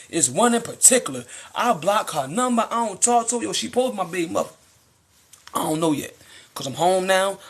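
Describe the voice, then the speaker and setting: Young American man, lively slangy live-streamer, high and husky. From United States. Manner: animated, slangy, preachy. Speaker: livestreamer. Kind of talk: casual live-stream monologue.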